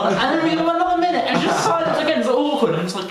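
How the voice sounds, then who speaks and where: A young man in his late teens, telling a story in a rambling, animated way with plenty of laughs. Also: extremely high pitch, rapid-fire, few pauses. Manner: rambling, animated, laughs often, many fillers. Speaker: podcast co-host. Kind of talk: casual storytelling chat. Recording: echoey room, distant mic, faint hiss.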